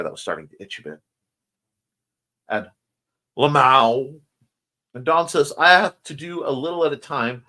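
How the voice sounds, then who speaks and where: A man with a slightly scratchy voice and a speech impediment, hosting a casual morning stream, chatting playfully and reading out viewer comments. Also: mid-range voice. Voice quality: self-described speech impediment. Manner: rambling, playful, warm toward viewers. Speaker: host.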